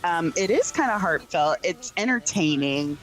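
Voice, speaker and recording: A woman film critic reviewing a series in casual chat, animated and laughing, with plenty of fillers. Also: on the low side, moderate pace.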